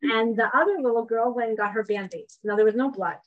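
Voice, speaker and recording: Speaking fairly quickly in a voice on the high side, a woman in her thirties teaches a Torah class informally. She keeps things chatty and regularly asks the group questions, and the recording sounds dull and lo-fi.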